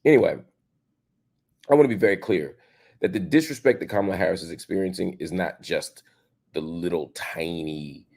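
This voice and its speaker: A man in his forties hosting a show, delivering an emphatic opinion monologue full of rhetorical questions, swinging between loud and soft. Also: low-pitched, moderate pace, gravelly, long pauses. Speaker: show host.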